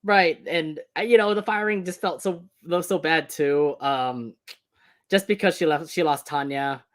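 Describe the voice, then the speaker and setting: A man's voice: fairly high pitch, measured pace. A man co-hosting a casual movie review chat, laughing often and rambling with fillers. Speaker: co-host.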